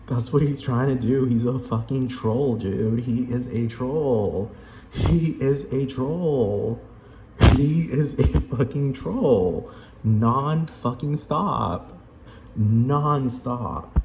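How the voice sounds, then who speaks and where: A man's voice: mid-range voice, mellow. A man ranting in an emphatic, rambling, repetitive way full of profanity. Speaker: vlogger. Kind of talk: profane rant. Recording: roomy echo, faint hum.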